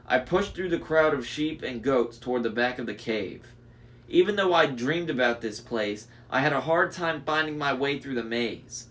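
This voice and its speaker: A man's voice: mid-range voice, fairly bright tone. Man reading a book aloud with asides. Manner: restarts lines after slips. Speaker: reader.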